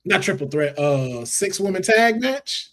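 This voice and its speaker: A man co-hosting a casual wrestling watch-along, animated and joking as he riffs with friends. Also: high-pitched. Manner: animated, joking, quick to riff. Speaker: wrestling show co-host.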